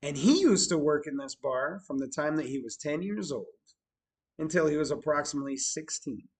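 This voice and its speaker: A middle-aged man casually telling stories about his new bar, animated, swearing now and then, swinging from loud bursts to low mutters. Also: moderate pace, breathy edge, low-quality recording. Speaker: bar owner vlogger. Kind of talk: casual storytelling vlog.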